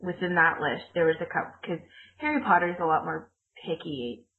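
A woman's voice: on the low side, expressive, a little fast. A woman co-hosting a casual podcast chat, rambling and laughing often as she corrects herself. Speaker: podcast co-host. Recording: tinny phone-like audio.

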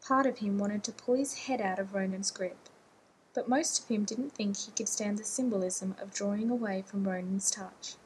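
A woman's voice: mid-range voice, steady tone, normal speed, a little hiss or hum, rough recording. Woman narrating a romance story. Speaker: audiobook narrator. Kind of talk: reading a romance novel aloud.

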